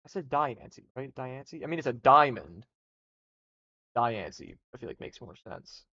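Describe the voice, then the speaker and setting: A man's voice: mid-range voice, big pitch swings, fairly quick, gravelly, pushed and bright, breathy edge. A young man streaming live, talking casually and rambling through rankings with restarts and swearing. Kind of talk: casual livestream commentary. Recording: dull lo-fi stream audio.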